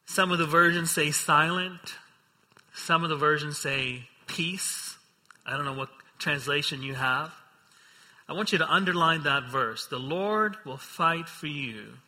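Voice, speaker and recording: Man, preacher, sermon, very bright tone, slow deliberate delivery, long hall reverb. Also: a little high. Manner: reads scripture then preaches with rising intensity, acts out quotes. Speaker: pastor.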